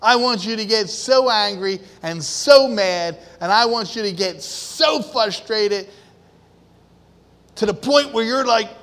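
A male preacher delivers a fervent sermon in a high, bright voice. He takes his time and lets words land, then rises to loud emphasis. The sound rings with the long echo of a large hall. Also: takes it slowly. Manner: impassioned, swinging from quiet to shouting.

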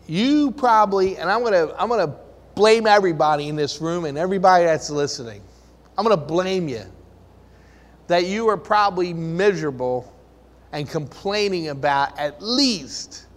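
Guy preaching a sermon, slow and earnest, lots of rhetorical questions, echoey hall sound. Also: sits high, a bit bright. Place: room with listeners.

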